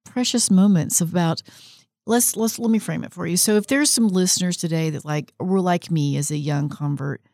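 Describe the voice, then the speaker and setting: A woman host with a low, mellow voice guides an interview. She asks questions gently and affirms what her guest says. The recording is dry and close. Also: normal speed, no echo. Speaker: podcast host. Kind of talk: interview conversation.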